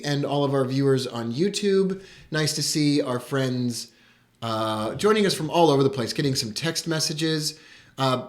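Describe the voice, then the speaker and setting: An excitable man, hosting a live broadcast and greeting his viewers with enthusiasm. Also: a little high. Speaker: host.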